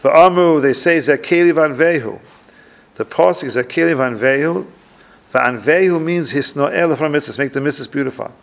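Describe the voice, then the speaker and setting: Speaking at a moderate pace in a voice on the high side with vocal fry, a man leads a religious class. He reads from Hebrew texts, translates every line, and thinks aloud with restarts along the way.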